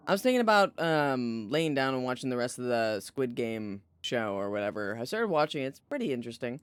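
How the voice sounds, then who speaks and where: A tired streamer chatting casually while playing a story game, animated and joking, with some swearing. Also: medium pitch, fairly quick, smooth, dry recording. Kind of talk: casual let's-play commentary, reading game text aloud.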